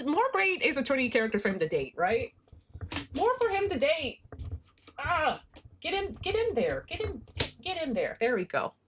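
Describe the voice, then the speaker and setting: Young female streamer, high and animated, giggly chat over faint game music. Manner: giggly, excitable, swoops up into squeals. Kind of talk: casual gameplay chat.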